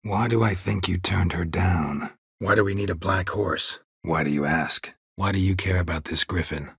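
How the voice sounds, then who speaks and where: An actor playing a gruff, laconic middle-aged monster hunter in a game, with a husky voice and clipped, dryly sarcastic questions. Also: male voice, normal speed, a bit bright, dry recording, heavily acted. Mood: terse, dry. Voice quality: husky, gravelly low voice. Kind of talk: game voice acting. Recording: dry close studio recording.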